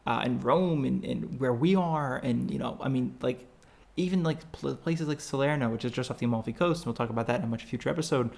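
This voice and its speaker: A man's voice: mid-range voice, fast talker, gravelly, darkish tone. A man co-hosting a podcast, chatting casually about travel, rambling with lots of fillers and restarts. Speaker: podcast co-host.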